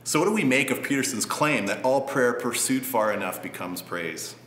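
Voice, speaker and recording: A man preaching a sermon in a relaxed, conversational way with light humor. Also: medium pitch, moderate pace, roomy sound, slight background noise. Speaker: pastor.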